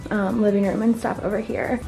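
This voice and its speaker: A woman's voice: mid-range voice, flat delivery, a little fast, vocal fry, dark tone, soft background music. Breathless, giggly young woman vlogger. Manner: chatty, giggly, talks while walking room to room. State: out of breath after a workout. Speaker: vlogger giving a house tour. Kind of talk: casual vlog chat. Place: inside a house. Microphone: handheld vlog camera.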